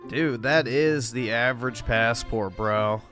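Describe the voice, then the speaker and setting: A man's voice: mid-range voice, takes it slowly, a bit bright, faint music behind. A man hosting a livestream, reacting to videos with dry, mocking remarks. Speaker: livestream host. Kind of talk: casual reaction commentary.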